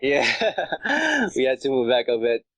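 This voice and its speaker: A man's voice: mid-range voice, huge pitch swings, slow, vocal fry, over a noisy crowd, poor audio. A man chatting as a podcast guest, rambling with lots of fillers and laughter. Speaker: podcast guest, subreddit creator. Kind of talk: casual chat.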